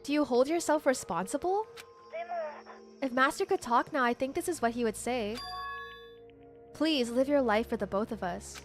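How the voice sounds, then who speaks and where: A gentle computer program speaks in a high, earnest voice, politely laying out its careful analysis as game dialogue, voiced by a woman reading along. Faint game music plays underneath. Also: moderate pace, long pauses, close to an everyday voice.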